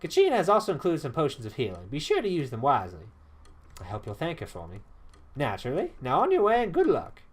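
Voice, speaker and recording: A gruff old weapon master with a drawling Southern accent, as a man reads him out in a game playthrough. He grumbles, boasts of old battles and calls the hero lad. His pitch swings widely as he tells his stories. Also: wildly swooping pitch, fast talker, exaggerated voice. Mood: formal. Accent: Southern US, put on.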